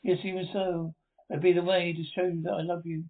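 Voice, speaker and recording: A man's voice: sits high, little pitch movement, fairly quick. Distraught young woman in love, a male reader doing her; tinny, phone-like sound. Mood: frantic. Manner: pleading, exclaiming loudly. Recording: tinny lo-fi recording.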